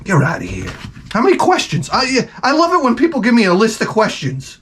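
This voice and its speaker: A man's voice: sits high, huge pitch swings, brisk, a bit bright, a little hiss or hum. A man giving blunt, profane advice in a rambling comedic rant, a little tipsy from beer. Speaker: advice vlogger answering viewer questions.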